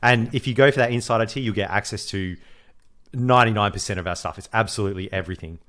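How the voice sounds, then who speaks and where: An Australian man co-hosting a podcast, talking in an animated, jokey way with his mate. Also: on the low side, fast talker. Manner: animated, laughing banter. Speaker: podcast co-host. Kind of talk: casual podcast chat.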